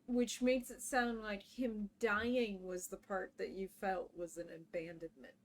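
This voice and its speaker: Amused woman gaming streamer, slow and wry, faint music. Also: mid-range voice. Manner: wry, amused, reads aloud slowly. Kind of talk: let's play commentary.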